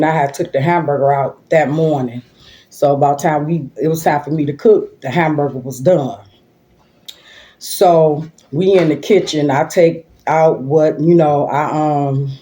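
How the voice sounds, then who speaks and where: A woman's voice: low voice, dark tone. An older woman, a grandmother, chatting and rambling through a story while eating lunch at home for her vlog, recorded on a phone. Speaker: vlogger. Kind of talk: casual mukbang storytelling.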